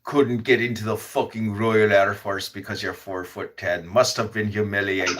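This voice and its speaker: A man hosting a podcast, roasting his guests with loud, mocking insults in crude comedic banter. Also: fairly low pitch, steady tone, moderate pace, hardly any pauses. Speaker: podcast host.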